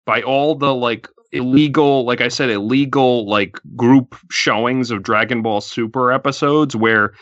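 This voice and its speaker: Bright-voiced man chatting casually. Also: mid-range voice, measured pace, hardly any pauses, dry recording, lo-fi sound. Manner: animated, lots of filler words. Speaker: podcast co-host. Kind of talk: casual film discussion.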